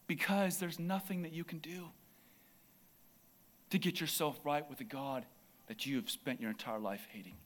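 A man preaching a sermon in church, impassioned and building to near shouts. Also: fairly high pitch, normal speed, pauses often.

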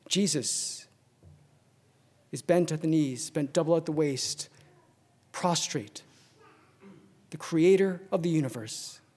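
High-voiced man preaching dramatically. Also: husky. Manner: dramatic, swinging from ringing emphasis to hushed near-whispers; slow, deliberate repetitions. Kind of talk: sermon.

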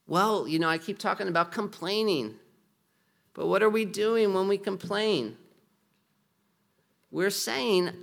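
Bright-voiced man preaching a sermon. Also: high-pitched, slow pace, gravelly, long pauses. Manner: earnest, conversational preaching with rhetorical questions. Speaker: pastor.

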